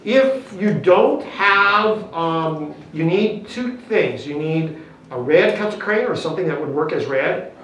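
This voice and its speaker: A man's voice: fairly high pitch, lively intonation, slow pace, a bit bright, slight background noise. A male teacher leading a classroom lesson, upbeat and coaxing, constantly checking in with "okay?" and "right?". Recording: very echoey classroom, distant mic.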